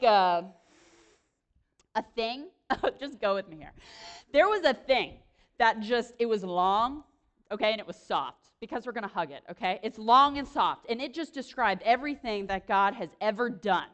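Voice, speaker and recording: Animated young woman giving a chatty sermon. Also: fairly high pitch, dull audio. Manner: animated, chatty, self-deprecating, quick asides. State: pregnant. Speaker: speaker at a church or campus gathering. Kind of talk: lively sermon. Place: room with an audience.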